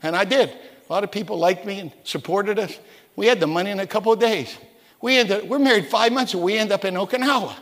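A man in his sixties from West Virginia preaching a sermon in a church, telling stories, stumbling over repeated words and rising to shouts. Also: high voice, fast. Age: 60s. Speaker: pastor. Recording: reverberant church hall.

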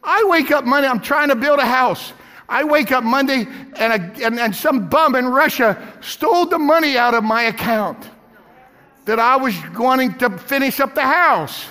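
Impassioned high-voiced male preacher. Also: moderate pace, sharp tone, long reverb tail. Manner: impassioned, repeating phrases for emphasis. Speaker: pastor. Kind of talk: sermon.

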